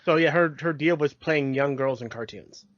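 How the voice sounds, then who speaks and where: A man's voice: a little high, moderate pace, no room sound. Dry lo-fi man podcast co-host. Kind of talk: casual chat. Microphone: home microphone, remote call. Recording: dry, dull lo-fi audio.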